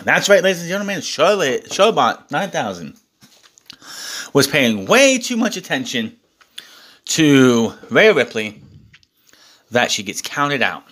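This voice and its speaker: Animated, swearing wrestling reviewer man. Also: fairly high pitch, a little slow, long pauses. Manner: exasperated, swears often, animated delivery. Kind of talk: casual ranting recap.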